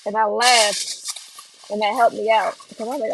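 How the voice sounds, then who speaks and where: A woman's voice: fairly high pitch, steady tone, normal speed, background noise. A tired woman hosting a casual livestream from her home kitchen while she cooks, chatting and reading out viewer comments. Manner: chatty, reads out viewer comments and replies to them. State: tired from lack of sleep. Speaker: livestream host cooking dinner. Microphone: phone livestream. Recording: kitchen clatter of pans and cutlery.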